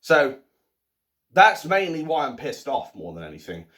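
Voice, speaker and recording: A man in his thirties talking at home in a casual ranting monologue, swinging between low muttering and loud outbursts. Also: huge pitch swings, unhurried. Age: 30s. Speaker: vlogger. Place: at home, by the sink.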